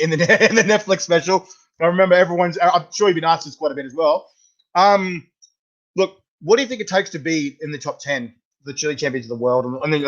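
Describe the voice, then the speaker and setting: An Australian man hosting a casual interview, chatty and stumbling, repeating his words. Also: on the high side. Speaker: podcast host. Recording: dull lo-fi sound.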